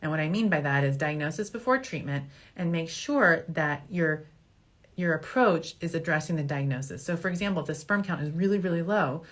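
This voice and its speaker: A woman's voice: low-pitched, expressive, a little fast, fairly bright tone. A middle-aged woman fertility doctor answering viewer questions in a casual, joking way, laughing at her own slips. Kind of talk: casual Q&A show.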